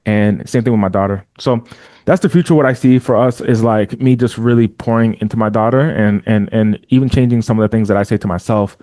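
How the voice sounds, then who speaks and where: Emphatic, mellow-voiced man on a podcast. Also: fairly low pitch, a little fast, dry recording. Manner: emphatic, repeats words while building a point. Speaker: podcast guest, entrepreneur and father. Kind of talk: casual podcast conversation.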